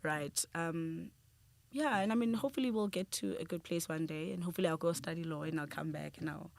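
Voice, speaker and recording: A woman, a film-industry creative and interview guest, telling stories in an animated, expressive way. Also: deep voice, fairly quick, creaky, no room sound. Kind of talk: casual interview.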